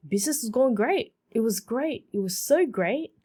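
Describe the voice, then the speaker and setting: A woman in her thirties hosting a solo podcast, telling her story in a chatty, animated way with many fillers and repeats. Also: fairly high pitch, moderate pace, breathy edge. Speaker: podcast host.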